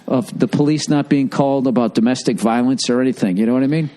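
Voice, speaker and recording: A man's voice: medium pitch, steady tone, fast, dark tone. A man riffing and teasing in casual, profane podcast chat. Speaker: podcast co-host.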